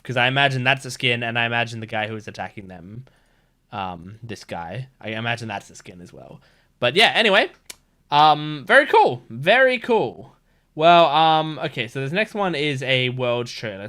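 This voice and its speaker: A man hosting a reaction video, chatting casually with lots of fillers and rambling excitement. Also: mid-range voice. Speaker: reaction channel host.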